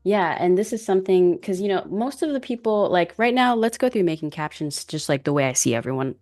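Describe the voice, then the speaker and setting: A woman with African American English chatting casually as a guest creator, relaxed and self-deprecating, laughing often as she explains. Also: lowish voice, fairly quick. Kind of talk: casual tutorial chat.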